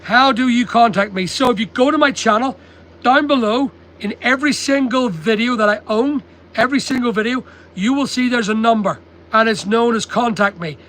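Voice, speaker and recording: A man's voice: very high voice, normal speed, bright, forceful tone, low-quality recording. An older man with a British accent, chatting bluntly on a livestream from his stock depot and reading out viewer comments. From United Kingdom. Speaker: online seller livestreaming. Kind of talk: casual livestream chat. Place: stock depot at a packing table.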